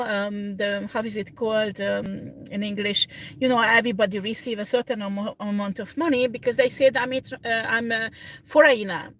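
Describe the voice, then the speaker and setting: A woman tarot reader chatting casually on a livestream, rambling in halting second-language phrasing and often breaking into laughter. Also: a little high, a bit bright.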